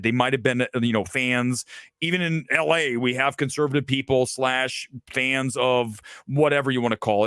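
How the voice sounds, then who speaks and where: Animated, opinionated male movie host. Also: medium pitch, no echo, studio quality. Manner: animated, opinionated rant with mocking asides. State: tired late at night. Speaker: film talk show host. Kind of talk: live-streamed movie talk.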